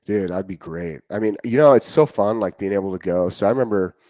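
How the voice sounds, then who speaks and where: A young man hosting a casual show, with a low voice and an easy storytelling manner. He sounds upbeat and relaxed. The sound is close and dry. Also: a little fast, no room sound. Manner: laid-back, storytelling, upbeat. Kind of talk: casual chat.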